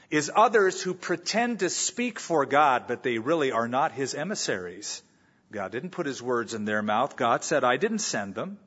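A man's voice: fairly high pitch, animated, normal speed, fairly bright tone, slightly rough, dull audio. A man preaching a sermon as pastor, telling stories and acting out the people he quotes. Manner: storytelling, acts out quoted voices. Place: church sanctuary.

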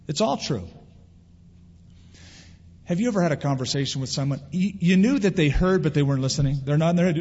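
A male pastor preaching a sermon in an animated way, acting out quoted voices. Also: a little high, fairly quick, pauses often, breathy edge. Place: church sanctuary. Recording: dull lo-fi sound with long hall reverb.

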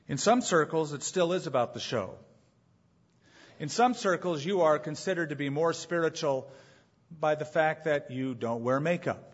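A man preaching a sermon as pastor, emphatic, repeating his main points and asking rhetorical questions, on a dull lo-fi recording. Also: medium pitch.

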